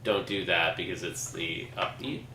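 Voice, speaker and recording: A man taking a guitar lesson, answering quietly and agreeably, mostly with short replies. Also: low-pitched, steady tone, normal speed, roomy sound, recorded from a distance. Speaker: guitar student.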